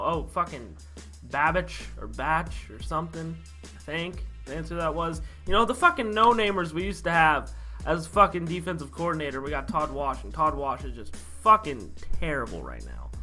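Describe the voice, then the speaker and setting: Young man, football recap host, frustrated rant, swearing, bright voice. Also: a little high. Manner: frustrated, swearing, rhetorical questions. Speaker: sports podcast host.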